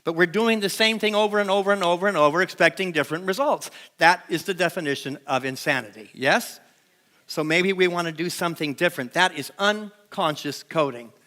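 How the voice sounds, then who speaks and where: A man preaching a sermon to a live congregation, animated, asking the room to repeat lines after him, recorded on a stage microphone in a church sanctuary. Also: high-pitched, brisk. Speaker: pastor.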